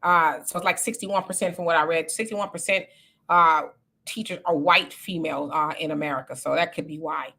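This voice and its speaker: A woman hosting a casual livestream, reading viewer comments and chatting with animated, laughing asides. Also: low voice, fairly quick. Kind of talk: casual live chat.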